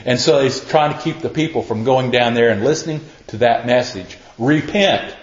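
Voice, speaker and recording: A man's voice: medium pitch, fairly quick. Folksy man preaching in a roomy hall. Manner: folksy, repeats himself, acts out quotes. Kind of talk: conversational Bible teaching. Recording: roomy, slightly dull sound.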